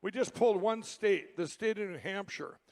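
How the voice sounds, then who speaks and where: A man hosting a live event, talking to the crowd in a rambling, excitable and pointed way. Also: high voice, normal speed. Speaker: event host. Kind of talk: live presentation to an audience.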